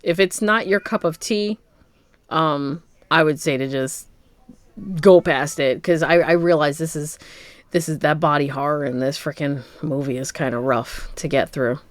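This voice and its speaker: Low-voiced rambling woman in casual chat. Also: steady tone, moderate pace, no echo. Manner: rambling, playful, laughs often. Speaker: podcast co-host.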